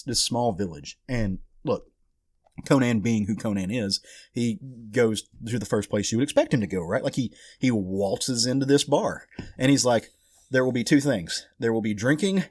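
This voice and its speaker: A man's voice: mid-range voice, no echo, studio quality. A man co-hosting a casual podcast, retelling a comic story with acted-out lines and swearing. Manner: animated storyteller, swears, acts out characters. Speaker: podcast co-host. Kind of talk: casual comic book chat.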